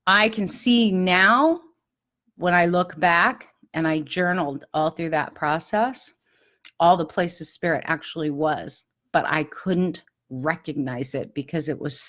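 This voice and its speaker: A middle-aged woman hosting a podcast, giving an earnest, confiding personal spiritual talk. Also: lowish voice. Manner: earnest, confiding, animated when recalling pleas. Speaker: podcast host.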